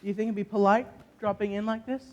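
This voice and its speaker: A cowardly lion, played by a teenage boy on a school stage, boasting loudly yet timid at heart. His voice sits very high for a male. A faint hiss runs under it. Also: fairly even intonation, quick pace, lo-fi sound, lightly acted. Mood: nervous. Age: teens. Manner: blustering, boasting then backing down.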